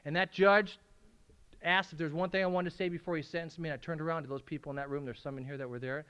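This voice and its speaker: A man sharing his recovery story at a meeting, swinging from hushed, tearful moments to loud laughing outbursts. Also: on the high side, fairly even intonation, quick pace, clean tone, muffled recording. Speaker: AA speaker. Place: meeting room at a school.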